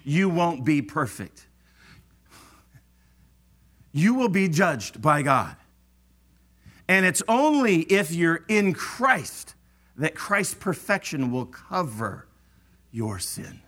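Animated preacher man, bright voice. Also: fairly high pitch, takes it slowly, long pauses. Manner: animated, acts out voices of churchgoers. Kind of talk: sermon.

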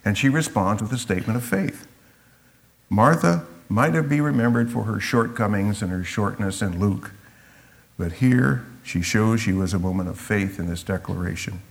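A man's voice: fairly low pitch, moderate pace, gravelly. A man teaching through a Bible passage verse by verse, reflective and explanatory, sometimes acting out the quotes.

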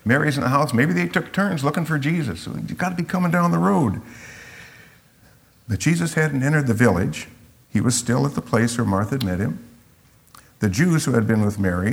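A man's voice: mid-range voice, vocal fry. A man teaching through a Bible passage verse by verse, reflective and explanatory, sometimes acting out the quotes.

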